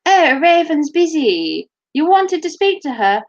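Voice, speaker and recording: A woman's voice: sits high, sing-song, measured pace, dull audio, pitched above the performer's own voice, exaggerated voice. A woman voicing a snooty, posh female phone answering voice, haughty and dismissive.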